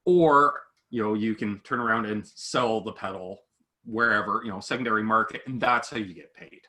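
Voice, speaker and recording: A man's voice: lowish voice, normal speed. A man who makes guitar pedal demos, chatting casually with another creator and animatedly acting out the people he quotes. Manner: animated, acts out quoted voices. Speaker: guitar gear demo creator. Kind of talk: casual chat between online creators.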